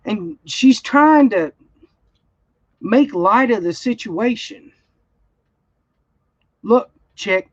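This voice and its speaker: A woman's voice: a little high, expressive, takes it slowly, long pauses, dry recording. A woman, telling a story in a blunt, heated way during a casual livestream chat. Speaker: crafting channel host. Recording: dull, slightly lo-fi sound.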